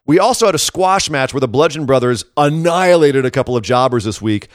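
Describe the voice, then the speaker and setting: A man's voice: mid-range voice, lively intonation, a little fast, dry recording. Man, co-host, casual opinionated chat, sarcastic edge, dry close sound. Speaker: wrestling podcast co-host.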